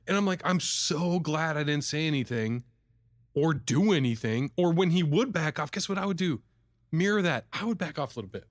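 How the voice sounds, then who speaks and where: A man co-hosting a casual podcast chat about sales, telling lively stories and laughing often. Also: on the high side, moderate pace, no room sound, clean studio sound. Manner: lively storyteller, laughs often, acts out customers. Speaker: sales coach, podcast co-host.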